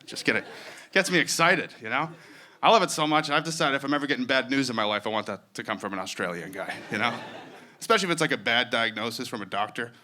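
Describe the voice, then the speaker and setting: A man's voice: mid-range voice, animated, fast, sharp tone. A man doing stand-up comedy in a wry, conversational way.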